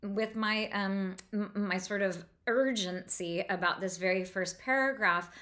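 Woman, literature lecturer, enthusiastic close reading, mid pitch, slows for quoted passages. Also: fairly bright tone.

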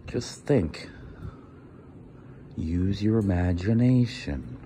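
A man in his workshop telling a casual, animated story and acting out what other people said. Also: drawn-out words, pauses often, slight background noise. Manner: animated, quotes others with pitch jumps. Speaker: vlogger in his shop.

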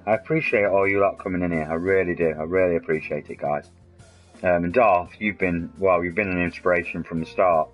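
This is a man in his forties with a very deep, low voice. He chats to his stream's viewers in a loose, rambling, matey way while he plays. Soft music sits faintly behind him. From England. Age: 40s. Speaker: game streamer. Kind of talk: casual live-stream chat.

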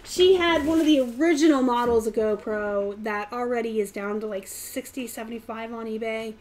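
Woman, live stream host, casual chat, fairly high voice, animated, faint background noise. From Pittsburgh area, US. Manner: chatty, animated, bursts of fast talk.

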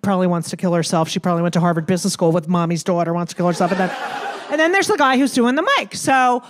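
A woman's voice: lowish voice, fast talker, noisy background. Brash profane woman doing stand-up. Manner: brash, profane, animated storytelling. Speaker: stand-up comedian. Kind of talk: stand-up comedy set. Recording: live club set with faint audience.

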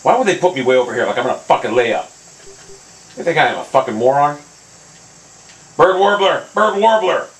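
A man giving angry gameplay commentary, swearing constantly and yelling at the game. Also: mid-range voice, expressive, fast talker, rough recording. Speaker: gaming commentator.

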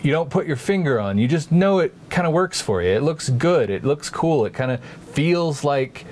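A man's voice: on the high side, expressive, moderate pace, a little mellow, a little hiss or hum. A man hosting a casual art chat, telling stories and explaining ideas in a playful, rambling way with many restarts. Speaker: podcast host, artist.

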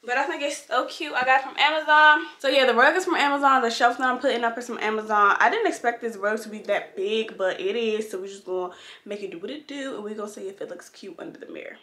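A woman's voice: fairly high pitch, fast talker, bright, forceful tone, reverberant. A young woman vlogging casually at home, chatting bluntly with slang and the odd swear word while she decorates her bedroom. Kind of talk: casual chat.

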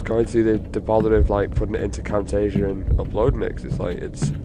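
A man's voice: on the low side, quick pace. Cursing man narrating a horror game. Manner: casual, profane, rambling. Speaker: gaming video host. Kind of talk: let's play commentary. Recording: steady background noise.

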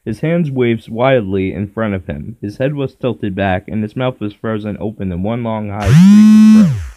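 A man reading a children's horror book aloud in a steady first-person storytelling manner. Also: fairly low pitch, normal speed. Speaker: narrator.

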